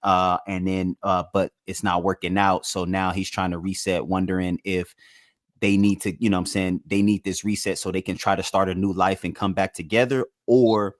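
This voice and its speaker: A man on a podcast, talking in halting starts and restarts, often saying "you know what I'm saying" in a casual brainstorming chat. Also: sits low, level tone, dry recording, studio quality. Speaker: podcast co-host.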